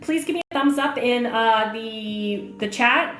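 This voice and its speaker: A woman with a fairly high, slightly bright voice speaks at an unhurried pace. She's an online marketing coach hosting a livestream, chatting casually, reading viewer comments aloud and answering questions with lots of fillers. The room is echoey, with faint music in the background.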